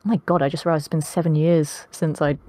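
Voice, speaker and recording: A woman's voice: sits low, fairly even intonation, brisk, mellow, no room sound. Chatty young British woman, dry sound. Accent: posh British. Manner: chatty, many ums, laughs often. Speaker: guest voice actress. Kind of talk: casual podcast interview.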